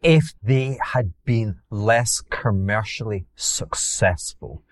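A Glaswegian man from Scotland, appearing as an investor guest in a casual interview, tells stories while rambling with many repeats and restarts. His voice is fairly low and slow, recorded dry.

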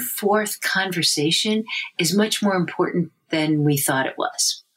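Lively expressive woman, husky and unhurried. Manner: animated, breaks into a high sing-song baby voice for examples. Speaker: language development researcher. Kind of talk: interview answers.

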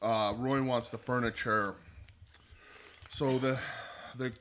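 A man's voice: medium pitch, steady tone, slow, fairly bright tone. A man co-hosting a casual podcast chat, eating hot wings and sweating from the hot sauce while rambling through an episode recap. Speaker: podcast co-host.

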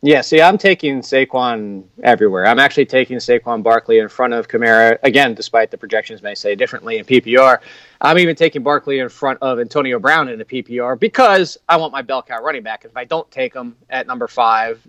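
A man talks fantasy football as a guest on a casual podcast, speaking at a rapid clip. His voice sits at a middle pitch and is recorded dry and close. He is animated and piles up rhetorical questions. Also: dry recording. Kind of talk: casual sports podcast chat.

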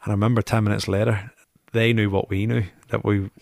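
A man's voice: fairly low pitch, flat delivery, a little fast, gravelly, a little mellow, dry recording, studio quality. A man who used to be a goalkeeper, telling football stories in a chatty, anecdotal interview, often repeating himself. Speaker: former goalkeeper, interview guest. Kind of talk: casual storytelling interview.

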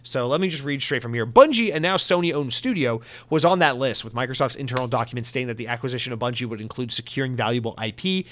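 Animated, profane male podcast host. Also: mid-range voice. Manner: animated, profane, riffs off into comic tangents. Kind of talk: solo podcast news commentary.

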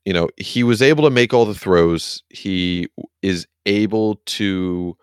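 A hiccuping man co-hosts a laid-back sports podcast, wandering through his thoughts with casual swearing and self-deprecating humor. He has a clear, resonant, low-pitched voice at a measured pace, with no room sound.

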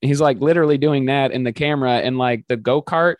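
A man's voice: medium pitch, brisk, no echo. A young man co-hosting a casual chat, talking with enthusiasm, swearing freely and jumping in often. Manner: enthusiastic, profane, jumps in often. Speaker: podcast co-host.

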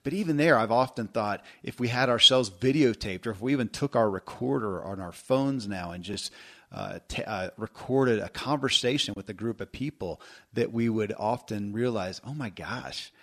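A man hosting a podcast, telling stories in a casual, animated way with self-deprecating laughter. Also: on the low side, moderate pace. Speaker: podcast host.

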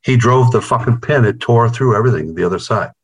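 A middle-aged New York guitarist in a band talks fast in a mid-range, slightly rough voice with lively intonation. As an interviewee on a video call, he rambles through profane stories in casual chat and repeats words.

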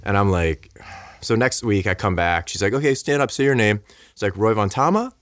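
A man's voice: fairly low pitch, brisk, dry recording, clean studio sound. A man chatting as a podcast guest, telling a story with lots of fillers and acting out what people said to him. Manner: animated, acts out quoted dialogue; many fillers like "like" and "you know". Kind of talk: casual storytelling chat.

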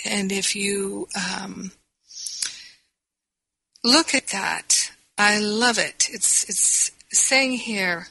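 A woman's voice: medium pitch, takes it slowly, gravelly, bright, forceful tone, no room sound, rough recording. A woman hosting a podcast as a spiritual teacher, talking in a reflective, meandering, earnest way.

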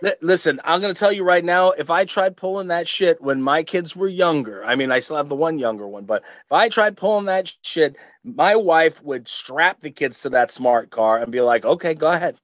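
A middle-aged man co-hosting a podcast, chatting casually, rambling and stammering with loud laughs. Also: a little high, animated, normal speed, few pauses, no echo. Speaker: podcast co-host. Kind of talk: casual chat.

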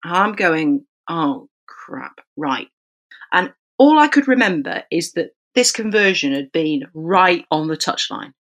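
A rugby referee tells an anecdote on a podcast, her lowish voice moving slowly. She's animated in the telling and acts out the dialogue.

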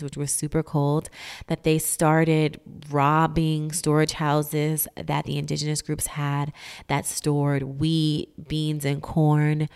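Woman w a low smooth voice, sarcastic, slangy, busting history myths casually. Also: a little mellow. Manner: sarcastic, emphatic, slangy, drops into whispers for asides. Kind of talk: casual explainer video.

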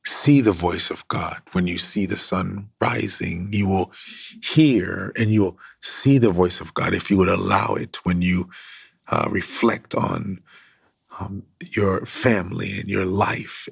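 A man with a very low, gravelly, husky voice preaches as a pastor. He speaks earnestly and sometimes drops to a hushed whisper to stress a point. The sound is dry and close. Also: dry recording. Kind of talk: sermon.

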